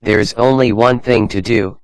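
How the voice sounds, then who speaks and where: A man reading the lines of a sensible older boy who leads calmly, in a matter-of-fact way, in a storybook. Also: mid-range voice, a little slow, no room sound, lightly acted. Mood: steady.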